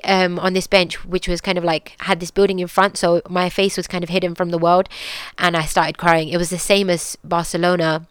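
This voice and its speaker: Young British woman, earnest storyteller; low, smooth and dry. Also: a bit bright, no echo. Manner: candid, earnest, many fillers and restarts. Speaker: podcast guest sharing her story. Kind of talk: personal storytelling.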